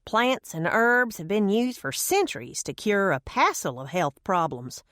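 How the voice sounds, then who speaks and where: A woman's voice: medium pitch, lively intonation, unhurried, fairly bright tone, dry recording, pitched above the performer's own voice. A woman voicing a folksy old grandmother who swears by herbal remedies, with homespun phrasing, in a dry close recording. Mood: insistent.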